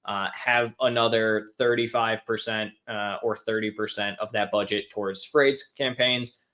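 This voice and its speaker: A man's voice: fairly low pitch, steady tone, unhurried, bright, forceful tone. Chatty man hosting a live Q&A. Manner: offhand, chatty, many fillers and restarts. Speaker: host answering viewer questions. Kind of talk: casual live Q&A.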